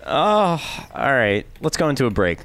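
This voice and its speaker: Joking man co-host, lively dry voice. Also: medium pitch, normal speed, no echo. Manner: joking, mock-serious. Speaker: podcast co-host. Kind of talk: casual chat.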